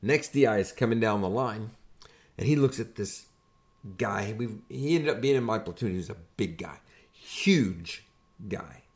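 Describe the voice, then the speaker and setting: An older man hosting a podcast, casually telling army stories in an animated, conversational way and building up to punchlines. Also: on the low side, measured pace. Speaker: podcast host and army veteran. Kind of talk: casual storytelling.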